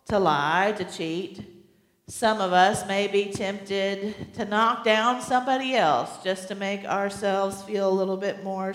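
A woman pastor preaching a sermon in a slow, deliberate way, repeating key phrases for emphasis. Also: a little high, fairly bright tone. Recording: echoey hall, long reverb.

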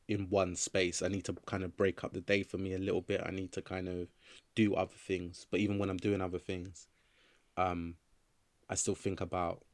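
A man's voice: low voice, dry recording. A young adult man from England, a writer and actor talking casually in an interview, loose and rambling with many fillers and restarts.

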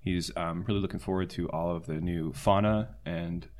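A man's voice: deep voice, steady tone, moderate pace, a little mellow, a little hiss or hum. A man playing a tabletop game, casually describing what his character does, with many fillers. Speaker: player.

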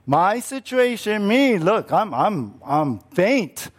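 A man's voice: high voice, very animated, takes it slowly, pitched above the performer's own voice, heavily acted. A man voicing a grown prophet who whines and pouts in self-pity during a sermon. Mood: whiny. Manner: whining, complaining.

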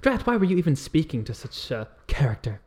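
A man's voice: on the high side, big pitch swings, brisk, darkish tone. A man voicing a prim, witty aristocratic lady with genteel, affected upper-class speech. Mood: indignant.

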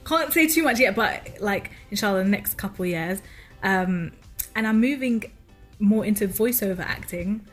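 A woman's voice: medium pitch, animated, normal speed, soft background music. A woman chatting as a radio guest, bubbly and laughing often between her words. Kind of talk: casual chat.

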